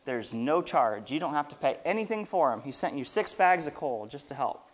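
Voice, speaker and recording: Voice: medium pitch, big pitch swings, normal speed. A preacher reading the part of a kindly chauffeur who delivers a gift.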